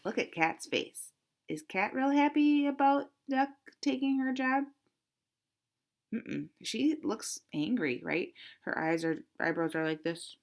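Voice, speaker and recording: A woman reading a picture book aloud to children, animated and interactive, asking questions about the pictures. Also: on the high side, slow pace.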